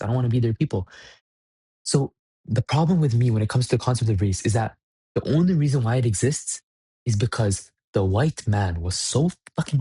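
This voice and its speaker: A man's voice: medium pitch, warm tone, slightly rough, no room sound, clean studio sound. A young man vlogging in a blunt, profane, rambling rant. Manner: blunt, swearing, rambling with restarts. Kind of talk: profane ranting monologue.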